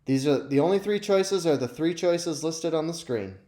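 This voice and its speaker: Here the youth ministry host sounds higher-pitched and animated, with a dark tone at a normal pace. He's casually chatting to viewers on the live stream, poking fun at himself, in an echoey room.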